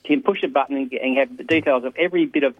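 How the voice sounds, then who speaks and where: Aussie guy calling radio, talks fast, tinny phone sound. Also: mid-range voice, no echo. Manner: rapid, ranting, laughs mid-sentence. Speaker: caller.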